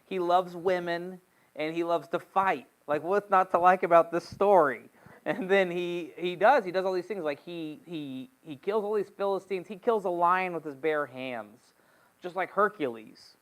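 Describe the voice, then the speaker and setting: A man teaching a casual Bible study, retelling the story in an animated, slangy, joking way. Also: fairly high pitch, poor audio.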